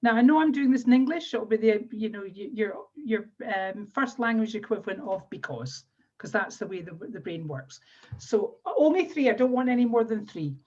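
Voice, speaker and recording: Her voice is on the high side yet dark in tone, expressive and at a normal speed: a Scottish NLP trainer and coach teaching a live online coaching workshop. The video-call microphone gives dull lo-fi webinar audio. She walks listeners through the exercises step by step, instructive in manner and often repeating phrases.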